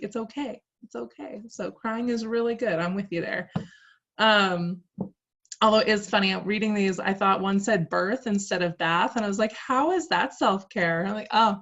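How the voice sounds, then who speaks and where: A woman teaches a casual class discussion in a chatty, rambling way, leaning on "like" and "um". Her pitch sits in the middle range. The audio is a little dull and lo-fi. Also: fairly bright tone. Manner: chatty, lots of "like" and "um". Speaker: instructor. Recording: muffled lo-fi audio.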